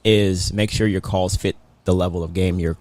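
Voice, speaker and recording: Deep-voiced relaxed man on a podcast. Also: normal speed, dry recording. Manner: laid-back, teasing, laughs easily. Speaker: podcast guest, basketball coach and referee. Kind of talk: casual chat. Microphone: podcast microphone.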